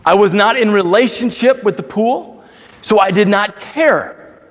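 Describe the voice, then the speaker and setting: A man's voice: high voice, measured pace. A man in his thirties, a pastor giving a sermon, telling a story with jokes and asides to the congregation. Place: church sanctuary. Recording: long reverb of a church hall.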